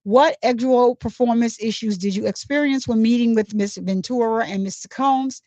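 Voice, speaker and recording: Woman reading as an attorney: measured, formal questioning, slightly high voice, dull dry sound. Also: dark tone, no echo, natural voice. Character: courtroom attorney questioning a witness.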